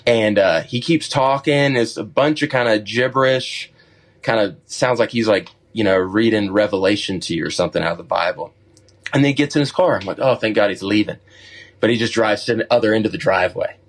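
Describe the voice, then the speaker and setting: A middle-aged man, a podcast guest, telling a wild story in a casual, animated way and acting out what people said. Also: on the low side, fairly quick. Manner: animated storyteller, acts out his own quotes.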